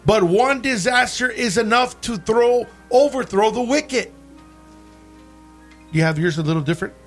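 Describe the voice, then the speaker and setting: A man's voice: extremely high pitch, animated, moderate pace, soft background music. A man preaching a bilingual sermon, switching between English and Spanish and calling out for amens from the congregation.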